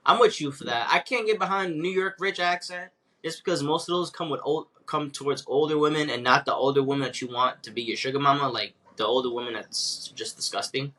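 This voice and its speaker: Bright-voiced man, brash podcast banter. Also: on the high side, a little fast. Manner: brash, joking banter with slang. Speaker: podcast co-host. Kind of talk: casual chat.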